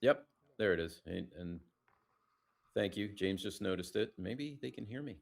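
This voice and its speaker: A man's voice: animated, moderate pace, vocal fry. A man giving live play-by-play commentary on a backgammon match, chatty and casual, reading out viewer comments and keeping his voice down so the players won't hear him. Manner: lowers his voice to stay quiet near the players.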